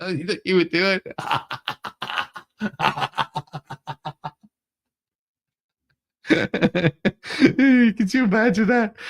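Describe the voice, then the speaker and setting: A man's voice: a little high, animated, very slow, gravelly, long pauses, slightly rough, no echo, clean studio sound. A man hosting a casual livestream, greeting viewers from the chat and laughing often. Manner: laughs often, repeats words while restarting. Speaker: livestream host reading chat.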